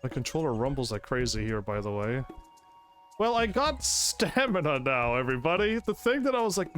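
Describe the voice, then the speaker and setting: A man's voice: mid-range voice, very animated, a little fast, fairly bright tone, faint music behind. A man streaming a game who chats to his audience, laughs often, and reads the game's narration aloud. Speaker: gaming streamer. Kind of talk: casual game commentary.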